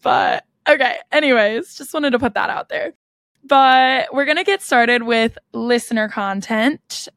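A woman's voice: fairly high pitch, a bit bright, no echo, clean studio sound. A young woman co-hosting a podcast, telling stories in casual chat with lots of "like.". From United States. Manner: chatty, storytelling, frequent "like". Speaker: podcast co-host.

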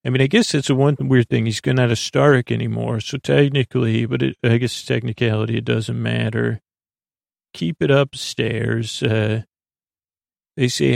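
Podcast guy rambling thru a sleepy recap, lots of uhs, gravelly voice, dry close sound. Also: mid-range voice, fairly even intonation, darkish tone, no echo. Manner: halting and rambling, full of "uh" and loose paraphrase. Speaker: podcast host recapping an episode from notes.

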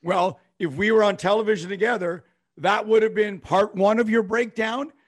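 A man's voice: sits high, moderate pace. A man co-hosting a sports talk show, animatedly recounting a game play by play. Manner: animated, recounts plays, hums tunes. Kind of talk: play-by-play storytelling.

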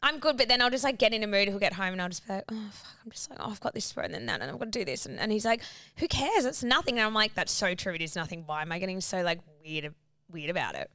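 A woman's voice: mid-range voice, expressive, racing, pushed and bright, dry recording. A young woman co-hosting a podcast, chatting candidly, swearing freely and acting out what people said. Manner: candid, swears freely, acts out quoted exchanges. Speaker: podcast co-host. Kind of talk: casual chat.

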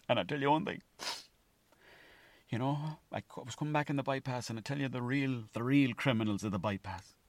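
A man's voice: mid-range voice, a little fast, long pauses, no room sound. A young Irish man from Mayo rambling through a solo podcast story, swearing freely and acting out his own thoughts. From Ireland. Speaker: podcast host.

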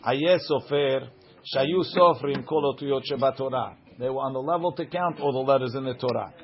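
A man's voice: mid-range voice, fairly quick. Man translating a Talmud text aloud. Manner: reads Aramaic text then translates it line by line. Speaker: Talmud teacher. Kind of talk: Talmud class, reading and translating. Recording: dull lo-fi recording.

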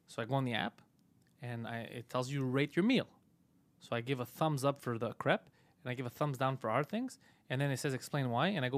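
A man's voice: mid-range voice, fairly quick, no room sound. A man hosting a comedy podcast, teasing his co-host and telling a story in casual, profane chat. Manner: teasing, swears a lot, acts out quotes.

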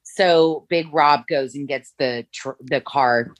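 A woman's voice: extremely low pitch, slow pace, no echo. A woman guest in an interview, telling long stories in a rambling way with many fillers and restarts. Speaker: former makeup artist, guest. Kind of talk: storytelling interview.

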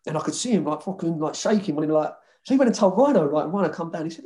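A man's voice: on the high side, expressive, racing, hardly any pauses, mellow. A man telling rowdy stories about his football days in a casual chat, swearing freely and laughing often. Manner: swears a lot, laughs often, mimics others. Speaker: former footballer guest.

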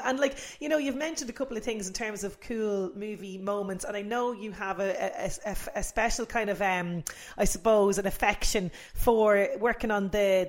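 A woman hosting an interview, asking chatty questions with a few hesitant fillers. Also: mid-range voice. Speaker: interviewer host. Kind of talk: casual interview.

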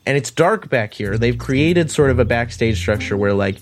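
A man running a tabletop game as game master, describing the scene in a halting, chatty way full of restarts. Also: mid-range voice, lively intonation.

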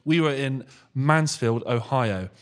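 Sweary British man telling a tour story. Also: slow. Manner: swears freely, drops into a low mutter mid-story. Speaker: guest musician. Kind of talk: casual chat.

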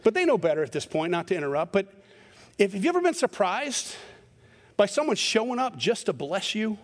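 Middle-aged pastor preaching in a reverberant hall. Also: male voice, high voice, sing-song, a little fast. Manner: conversational and self-deprecating, acting out voices in stories. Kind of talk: sermon with storytelling. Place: church sanctuary.

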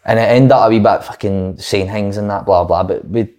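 A young Scottish man, a former footballer, telling sweary, animated stories in casual chat. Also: lowish voice, brisk. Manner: swears freely, animated anecdotes.

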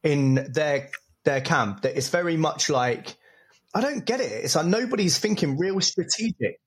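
A man's voice: a little high, expressive, normal speed. A man co-hosting a casual reality TV podcast, telling stories with quoted reactions and frequent laughter. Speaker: podcast co-host. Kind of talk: casual chat reviewing reality TV.

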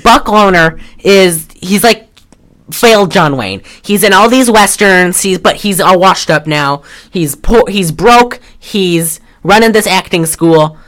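A woman's voice: lowish voice, expressive, slow, a bit bright. A woman co-hosting a podcast, reviewing a movie in casual, rambling chat and swearing offhand. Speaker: podcast co-host.

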